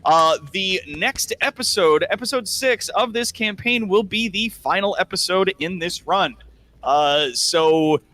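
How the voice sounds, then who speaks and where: A man narrating a tabletop game as game master, in a relaxed way with many fillers. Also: high voice, a little slow.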